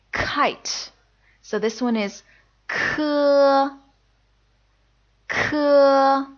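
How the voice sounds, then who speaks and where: A woman's voice: medium pitch, a bit bright, highs cut off. A woman teaching a beginner pronunciation lesson, patiently sounding out each letter and repeating it. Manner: patient, demonstrates sounds slowly and repeats them. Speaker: language teacher.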